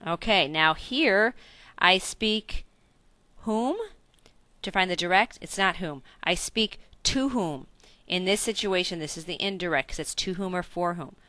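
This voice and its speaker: A woman gives a recorded grammar lesson with a bright, clean voice. She walks through each point patiently, asks if it makes sense, and fixes her own slips as she goes. The sound is close and dry. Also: fairly low pitch, normal speed, hardly any pauses, no echo. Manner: explains step by step with frequent self-corrections and check-in questions. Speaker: Spanish teacher.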